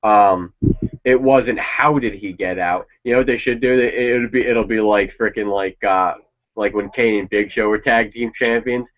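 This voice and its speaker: A man's voice: lowish voice, fairly even intonation, moderate pace. A man chatting casually and swearing now and then as he reacts to a wrestling show. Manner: rambling, opinionated, swears casually. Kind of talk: casual chat. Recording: dull lo-fi sound.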